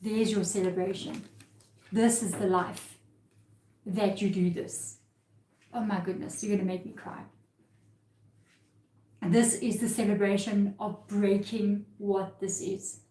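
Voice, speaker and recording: A woman's voice: mid-range voice, warm tone, reverberant, poor audio. A woman giving a live tarot reading, talking earnestly and emotionally about spirit guides and cards. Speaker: tarot reader.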